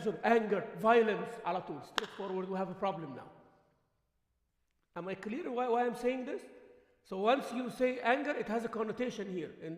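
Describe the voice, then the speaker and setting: A man's voice: high-pitched, gravelly. A man with an Arabic accent teaching a religious lesson in a mosque, mixing English and Arabic and often asking his listeners questions. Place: mosque hall. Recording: echoey hall livestream.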